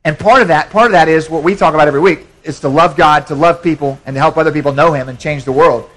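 A man's voice: on the high side, fast talker, hardly any pauses, a bit bright, poor audio. A man pastor preaching a sermon in a church, conversational, with frequent repetitions and restarts.

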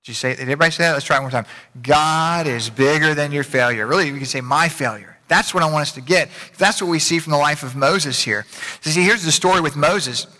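This male pastor's voice is fairly high, bright and forceful, trailing long reverb through the church sanctuary. Folksy and conversational, he repeats phrases and quickens or slows down to stress his points.

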